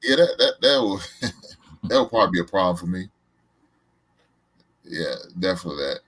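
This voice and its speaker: A laid-back man chatting on a video call. His voice is low and husky. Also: sing-song, moderate pace, a bit bright. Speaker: guest. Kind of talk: casual chat.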